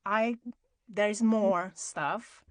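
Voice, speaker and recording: A woman's voice: mid-range voice, extremely slow, dry recording. Thoughtful Brazilian woman, British-tinged accent. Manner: thoughtful, searching for words. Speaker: voice actor, panelist. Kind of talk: panel discussion.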